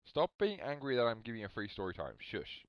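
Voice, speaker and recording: A man's voice: mid-range voice, brisk, no echo, highs cut off. A young man rambling through a story on a live stream, talking back to his chat. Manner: rambling, animated, talks to chat.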